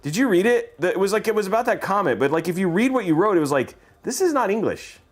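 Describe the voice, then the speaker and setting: A man's voice: high voice, expressive, racing. A man hosting a livestream, chatting casually in a rambling, joking way and laughing often. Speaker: livestream host.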